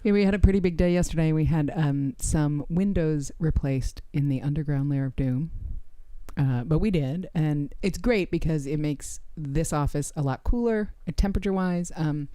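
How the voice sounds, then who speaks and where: A woman's voice: low voice, mellow, no echo. A woman co-hosting a casual livestreamed podcast, teasing and dry. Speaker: podcast co-host.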